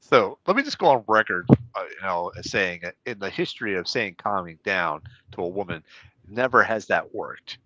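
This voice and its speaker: Male co-host, bantering joker, bright animated voice, dry dulled recording. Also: deep voice, dry recording, highs cut off. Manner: jokey, quick banter. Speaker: podcast co-host. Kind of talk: casual comic book podcast chat.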